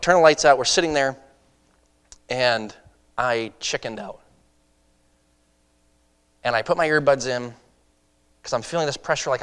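Evangelist guy preaching a story, fairly high voice, gets loud then hushed, long echo like a big church. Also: clear, resonant tone. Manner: animated, shifts between loud excitement and soft earnest tones. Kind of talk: sermon storytelling. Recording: long hall reverb.

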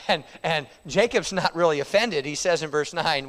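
A preacher in a reverberant church hall. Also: male voice, on the high side, normal speed, long pauses. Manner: dramatic, swings from loud to hushed while retelling scripture. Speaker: pastor. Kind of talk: sermon.

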